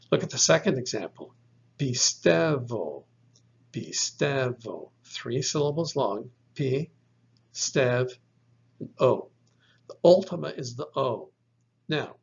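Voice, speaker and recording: Slow, gravelly man teaching a lesson. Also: mid-range voice. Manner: slow, deliberate explaining with repeated example words. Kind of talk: recorded language lesson. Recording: dull lo-fi recording.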